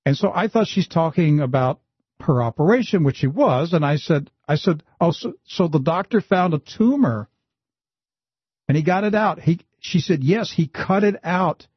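A man with a husky, somewhat high voice hosts a Christian talk show, telling a story with lively swings upward for emphasis. The sound is dry and a little muffled. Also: moderate pace, dry recording. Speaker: host.

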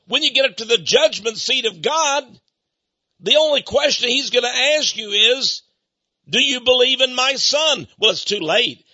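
Bright husky preacher, emphatic sermon. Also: male voice, sits high, dry recording. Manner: emphatic, drawn-out stresses, acts out quotes. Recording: dull lo-fi sound.

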